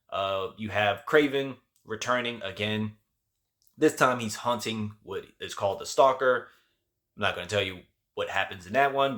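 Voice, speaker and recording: A man's voice: fairly low pitch, fairly bright tone. A man giving a casual spoken review of a TV show, loose and chatty with lots of slang and fillers.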